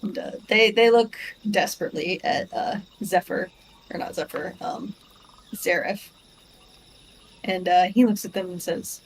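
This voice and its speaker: Woman running a tabletop game on stream, slow and halting, faint crickets behind. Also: on the low side, gravelly, a little hiss or hum, rough recording. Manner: unhurried, halting with fillers. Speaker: game master.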